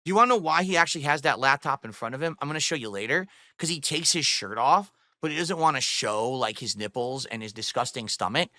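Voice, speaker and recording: Fast and with few pauses, this man's mid-range voice has a sharp tone and lively intonation on a dry recording. He's ranting on a livestream from his home studio, profanely and scornfully mocking a rival while addressing his chat, using a studio microphone on a boom arm.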